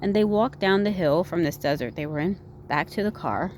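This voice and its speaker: A woman with a low, deep speaking voice recapping a film in a loose, chatty way. She wanders through the story, filling gaps with "like" and "you know" and checking in with "right?". Faint ambient noise sits behind her. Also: brisk, a little mellow. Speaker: movie reviewer. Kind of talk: casual movie recap.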